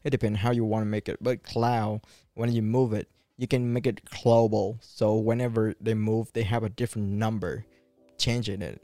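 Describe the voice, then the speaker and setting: A man's voice: fairly low pitch, level tone, moderate pace, mellow, no echo, faint music behind. A man co-hosting a podcast, telling stories in casual chat with loose, non-native phrasing and a lot of swearing. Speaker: podcast co-host.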